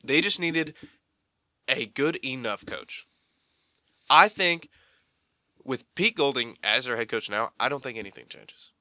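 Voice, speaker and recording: Smooth-voiced animated male sports co-host. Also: mid-range voice, unhurried, pauses often, no echo, studio quality. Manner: animated, mocking, builds to excited outbursts. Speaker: podcast co-host. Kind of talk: casual sports chat.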